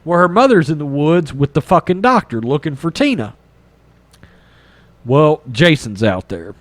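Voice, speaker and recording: A man hosts a podcast, rambling through a movie plot in a casual, profane way. His voice sits a little high and swings widely in pitch as he gets into the story. The sound is dry and close, with no room around it. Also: unhurried, no room sound. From East Texas. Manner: rambling, animated, swears freely, acts out character lines. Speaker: podcast host reviewing a film.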